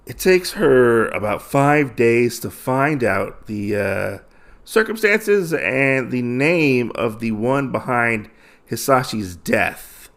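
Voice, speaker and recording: A podcast host casually recaps a comic book story, using loose, enthusiastic phrasing packed with fillers. He speaks slowly in a medium-pitched, expressive, slightly bright voice.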